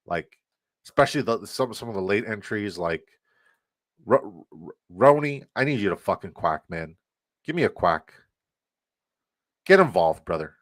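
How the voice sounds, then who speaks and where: Brief: lower-pitched male streamer, profane and hyped, reading and answering chat. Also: big pitch swings, normal speed, long pauses. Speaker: fantasy football streamer. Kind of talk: casual live stream chat.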